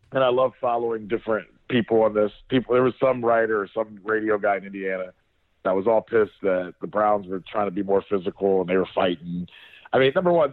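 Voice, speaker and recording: A man co-hosting a casual podcast, chiming in with quick agreements and asking loose, rambling questions. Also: fairly low pitch, no room sound. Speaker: podcast co-host. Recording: dry, tinny phone-like line.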